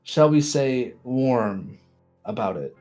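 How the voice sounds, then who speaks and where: As storyteller for a tabletop role-playing game, a man narrates in an expressive, mid-range voice. He lingers on words and falls into hushed pauses to build suspense, with faint music in the background.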